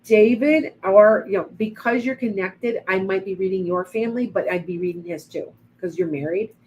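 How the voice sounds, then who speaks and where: A woman's voice: mid-range voice, normal speed, a little mellow, highs cut off, a little hiss or hum. A middle-aged woman giving rambling psychic readings on a live stream. She greets viewers by name as she goes. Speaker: psychic medium.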